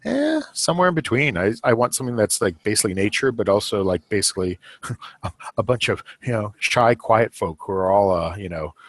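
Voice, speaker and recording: In casual podcast chat, a middle-aged male host speaks briskly in a lowish voice, with no room sound. He rambles along, dropping plenty of fillers and chuckling often.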